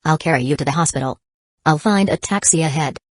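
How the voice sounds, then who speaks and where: A woman voicing a calm, blunt young man who speaks steadily and matter-of-factly. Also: low-pitched, quick pace, no room sound, studio quality. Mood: steady.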